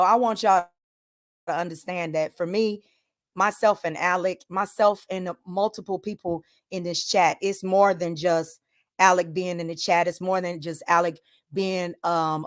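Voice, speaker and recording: An older woman hosting a livestream, talking in an emphatic casual rant that swings from loud to hushed, with sighs. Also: fairly low pitch. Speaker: livestream host.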